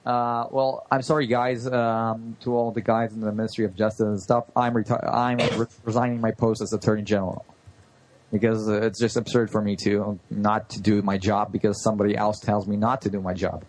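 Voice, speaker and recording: A man's voice: fairly low pitch, flat delivery, fairly quick, a little mellow, poor audio. A man co-hosting a casual chat, rambling and often stumbling over his words. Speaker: podcast co-host. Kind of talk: casual chat about role-play politics.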